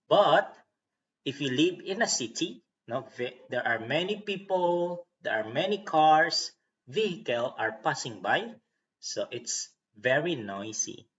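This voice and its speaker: Male english teacher, slow and patient, bright tone, dull distant lo-fi recording. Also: fairly high pitch. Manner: patient, repeats words to model stress, tags lines with "okay?" and "no?". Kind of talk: recorded online English lesson. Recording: dull lo-fi sound from away from the mic.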